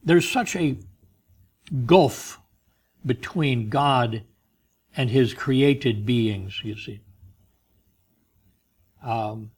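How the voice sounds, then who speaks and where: Slow-speaking male preacher. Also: medium pitch, breathy edge. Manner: slow, emphatic preaching with soft asides. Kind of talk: sermon.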